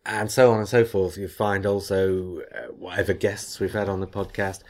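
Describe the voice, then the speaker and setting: A man's voice: deep voice, steady tone, normal speed, a little mellow. A man hosting a podcast, chatting casually and reading listener mail with long, rambling explanations. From England. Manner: chatty, explains at length with many restarts. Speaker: podcast host.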